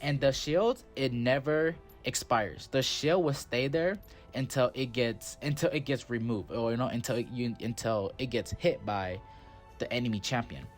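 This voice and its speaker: A man talks through his own match in a loose, rambling voice-over, stacking up "like" fillers. His pitch sits in an ordinary middle range. Clear background music plays under his voice. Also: normal speed. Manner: rambling and chatty, with many "like" fillers. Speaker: gaming channel host. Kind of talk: casual gameplay commentary voice-over.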